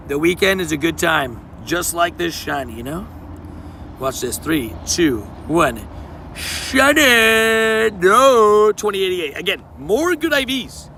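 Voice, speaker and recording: A man's voice: fairly high pitch, moderate pace, gravelly, sharp tone, a little hiss or hum. A young man streaming casually to his live chat, laid-back and slangy, greeting viewers by name while outdoors.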